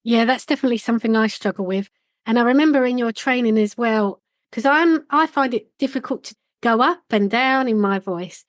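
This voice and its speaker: A woman's voice: fairly high pitch, fairly quick, no room sound. A woman hosting a podcast, chatting in a friendly, agreeing way. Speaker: podcast host. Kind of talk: casual podcast chat.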